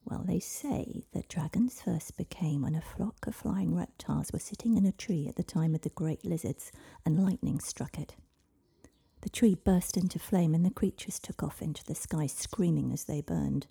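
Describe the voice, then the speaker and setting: A wise old grandmother from a storybook, calm, knowing and a little wry, as a woman reads her. The voice is low, dark and breathy, with a gravelly rasp under the softness. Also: normal speed, whispered, exaggerated voice. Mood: storytelling.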